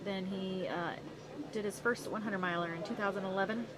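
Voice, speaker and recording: A woman's voice: mid-range voice, steady tone, brisk, background noise. A woman commentating on a race livestream outdoors, talking in a rambling way with many fillers. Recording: loud crowd behind.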